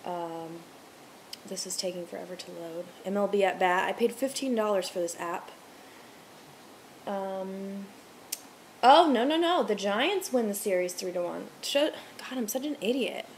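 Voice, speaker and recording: A woman's voice: medium pitch, unhurried, slight background noise. A young woman in her twenties, a restaurant server, chatting to camera at home, rambling, swearing freely and ranting heatedly. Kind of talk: casual chat to camera. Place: home room with TV on.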